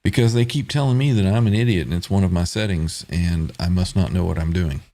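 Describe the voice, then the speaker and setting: A man's voice: deep voice, fairly quick, warm tone. A man hosting a casual live stream, reading out viewer comments and chatting with guests. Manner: reads viewer comments aloud, laughs often. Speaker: host reading live chat.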